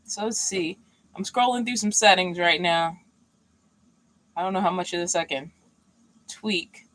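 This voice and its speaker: A mentally worn-out woman hosts a vanlife livestream from the box truck she lives in, chatting in an easygoing, loose, unscripted way. Her voice is lowish, steady, measured and a bit bright. The recording is rough, from a streaming mic she sometimes leans away from.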